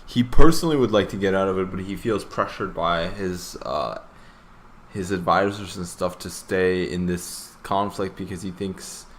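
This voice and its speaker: A man with a low voice co-hosting a casual podcast, blunt and jokey, dropping swears. Faint background hiss sits under his voice. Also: moderate pace. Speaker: podcast co-host.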